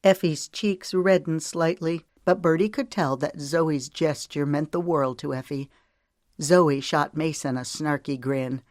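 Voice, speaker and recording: An audiobook narrator reading a romance novel in an even, gentle storytelling manner. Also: mid-range voice, a little slow, dry recording, studio quality. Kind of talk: scripted narration.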